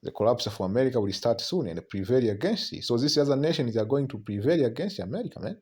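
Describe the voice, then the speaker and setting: A man's voice: medium pitch, expressive, a little mellow, breathy edge. Man preaching prophecy, repeating "man". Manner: keeps tagging lines with "man", halting repeats; reads scripture aloud between remarks.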